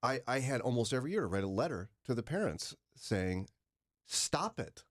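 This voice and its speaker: A man's voice: medium pitch, lively intonation, fast. A man hosting a morning radio talk show, chatting casually and telling stories with dry, self-deprecating humor. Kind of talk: casual studio chat.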